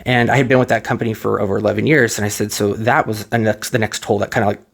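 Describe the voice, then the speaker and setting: A man speaks quickly into a microphone at home, telling his viewers a personal story in a loose, rambling way. He keeps restarting his sentences and retells what others said to him, his voice emotional at times. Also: on the low side, fairly even intonation, gravelly. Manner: rambling, many fillers and restarts, retells dialogue; emotional, close to tears at moments. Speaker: vlogger. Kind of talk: casual personal story to camera.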